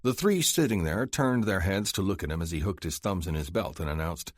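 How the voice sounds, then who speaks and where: A man doing scripted narration of an audiobook in a measured storytelling manner. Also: low voice, animated, no room sound, clean studio sound.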